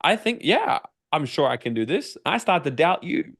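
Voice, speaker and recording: A man with an Australian accent, a personal development coach talking as a podcast guest, energetic and swearing freely as he acts out his own inner voice. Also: on the high side, moderate pace, husky.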